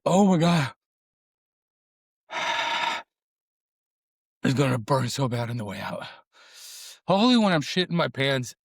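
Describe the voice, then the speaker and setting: Here a grieving middle-aged man, a food vlogger and comedian, speaks at a medium pitch with a slightly bright tone, close to crying. On camera at a taco place for a casual food review vlog, he swears and rambles, alternating eating noises with sad confession. It's a dry, studio-quality recording.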